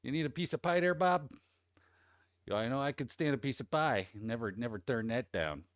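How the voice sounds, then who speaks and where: A folksy, neighbourly Chicago fellow who would never turn down pie, as a man puts him on. He talks in a drawn-out, homey twang with a lively, bouncing pitch. The sound is dry and close. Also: no room sound, close to an everyday voice.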